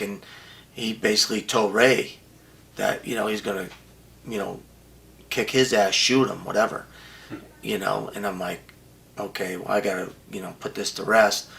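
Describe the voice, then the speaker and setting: A man's voice: fairly low pitch, gravelly, sharp tone. An older man bluntly telling a profane story as an interview guest, often acting out what others said.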